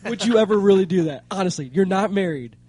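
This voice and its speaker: A man's voice: high voice, expressive, fast. A man co-hosting a casual podcast chat, swearing freely and laughing while he tells stories. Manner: loud, swearing, laughing storyteller. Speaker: podcast co-host.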